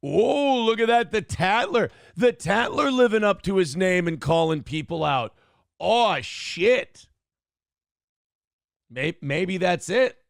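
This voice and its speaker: A man hosting a live show, reading chat aloud and firing back at trolls in a sarcastic, teasing way. His voice sits fairly high and carries a gravelly rasp. The sound is close and dry, with no room around it. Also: expressive, takes it slowly, no room sound. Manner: reads out chat comments. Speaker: radio show host. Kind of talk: live-stream donation appeal.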